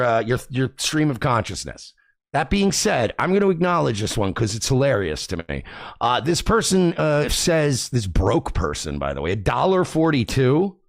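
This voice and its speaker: Loud ranting male streamer, gravelly, swings high and low, profane and combative. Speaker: livestream host. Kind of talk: ranting livestream commentary. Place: home by the beach.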